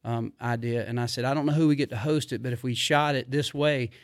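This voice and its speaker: A middle-aged man, telling rambling stories in a casual, animated way, full of fillers. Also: mid-range voice, fairly quick, no room sound, studio quality. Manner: rambling, animated, drawling Southern speech with repeated fillers. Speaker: podcast guest. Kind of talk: casual storytelling.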